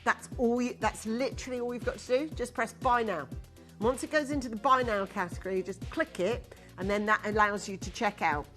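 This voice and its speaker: A woman hosting a live shopping channel, talking in a chatty, upbeat, coaxing way. Her voice sits a little high, and faint studio music plays behind her. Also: brisk, fairly bright tone. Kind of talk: live TV sales pitch.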